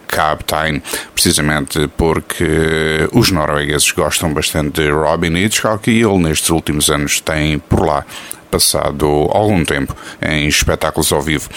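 A man, presenting a radio show in a calm, measured announcing style. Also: extremely low pitch. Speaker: radio host.

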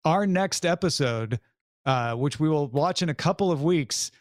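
A man's voice: fairly high pitch, animated, moderate pace, no room sound, clean studio sound. A man co-hosting a podcast, chatting casually about a TV episode, rambling with restarts and acting out scenes. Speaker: podcast co-host. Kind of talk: casual chat reviewing a TV episode.

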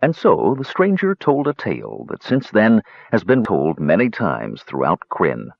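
A man narrating a fantasy story in an expressive audiobook style. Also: low voice, unhurried, gravelly, no echo. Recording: dull, dry close recording.

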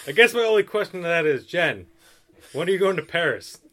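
Chill podcast guy, kinda high voice, lots of i mean and hedging. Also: very animated, normal speed, pushed and bright. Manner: mild, hedging, laughing it off. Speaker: co-host. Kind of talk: casual podcast chat.

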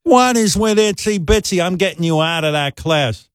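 A man putting on a shrill scolding mother. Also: expressive, moderate pace, no echo, studio quality, natural voice. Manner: shrill, screaming, indignant. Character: exasperated mother scolding her teenage son.

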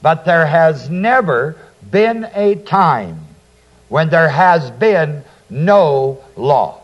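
A man with a slightly high, sing-song voice preaches through a Bible passage verse by verse, the recording missing its highs. He reads each verse slowly, explains it, and invites listeners to complete key words.

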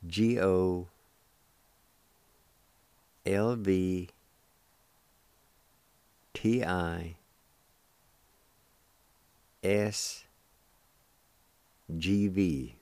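A middle-aged man hosting a radio language lesson, patiently spelling out letters one by one and repeating each word slowly. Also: low-pitched, a little mellow, clean tone, dry recording. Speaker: radio host teaching the language.

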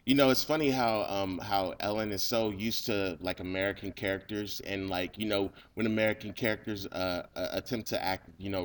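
A man's voice: on the low side, a little hiss or hum. A man chatting casually, rambling with lots of repeated words and asides of "you know what I'm saying". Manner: excitable, stumbles and repeats words. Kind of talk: casual chat.

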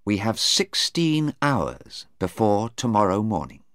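A man voicing a calm, concerned woman in a story. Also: fairly low pitch, takes it slowly, no echo, studio quality, pitched above the performer's own voice, exaggerated voice.

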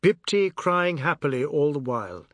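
A man narrating a novel in a measured storytelling manner. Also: a little high, big pitch swings, a bit bright, no room sound. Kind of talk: audiobook narration. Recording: dry close studio sound.

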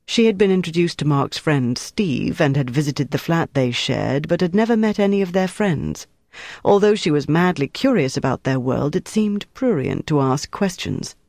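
A narrator reading a novel in a steady, measured way. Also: medium pitch, dry recording. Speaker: audiobook narrator. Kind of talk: scripted narration.

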